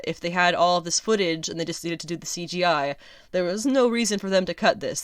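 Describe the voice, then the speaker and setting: A woman hosting a casual solo review podcast, chatty and sarcastic, laughing often and filling pauses with ums. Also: on the low side, clean tone, no room sound, clean studio sound. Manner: chatty, lots of ums and restarts. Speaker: podcast host.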